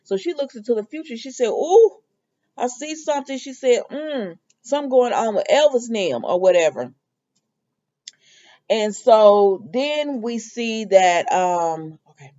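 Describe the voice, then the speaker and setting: A woman's voice: on the high side, expressive, unhurried, dark tone, dull audio. A woman casually recapping a soap opera episode, talking in a loose, chatty way with lots of fillers and quoted lines. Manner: chatty, lots of "um" and "or whatever", quoting characters.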